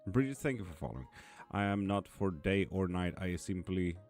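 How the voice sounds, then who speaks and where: A man's voice: low voice, lively intonation, normal speed, a little mellow, soft background music. A man hosting a live tarot stream, chatting casually and bluntly as he answers viewers by name. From Sweden. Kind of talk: casual live-stream chat reading comments. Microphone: streaming mic.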